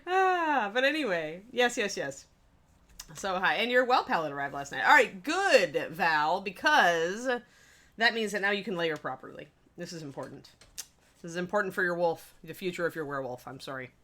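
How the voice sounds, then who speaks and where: A woman's voice: fairly low pitch, sing-song, moderate pace, bright, forceful tone. A woman hosting a casual live stream, bubbly and chatty, laughing often. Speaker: host of a miniature painting stream.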